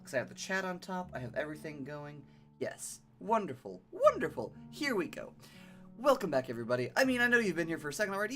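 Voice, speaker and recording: Animated, chatty game streamer. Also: mid-range voice. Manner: chatty, animated and self-deprecating; reads game text aloud in a vague pirate accent. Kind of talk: live game stream commentary.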